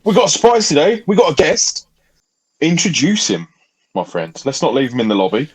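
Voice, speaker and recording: A man's voice: on the high side, a little fast, breathy edge. A man co-hosting a podcast, joking and bantering in casual chat. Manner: jokey, excitable, banter. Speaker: podcast co-host.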